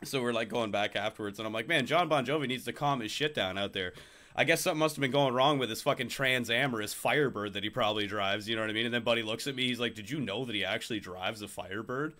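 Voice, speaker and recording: A young man co-hosting a podcast, telling crude, animated stories and mocking people with put-on voices. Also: medium pitch, fast. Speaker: podcast co-host. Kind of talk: casual chat.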